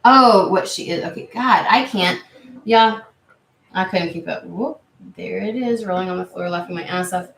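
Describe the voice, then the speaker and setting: A woman's voice: on the low side, moderate pace, vocal fry, fairly bright tone. A woman hosting a tarot livestream, talking casually, swearing freely and reacting to viewer comments. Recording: roomy echo.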